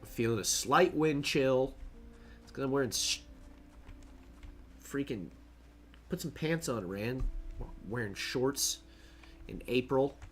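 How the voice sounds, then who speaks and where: A man's voice: medium pitch, lively intonation, slow, pauses often, soft background music. A man casually narrating his own gameplay on a stream, chatty, joking and laughing to himself as he plays.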